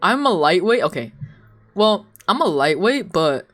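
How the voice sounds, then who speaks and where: A woman's voice: fairly low pitch, measured pace, faint music behind. A young woman streamer chatting casually while she draws, telling stories with lots of giggles. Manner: giggly, animated storytelling.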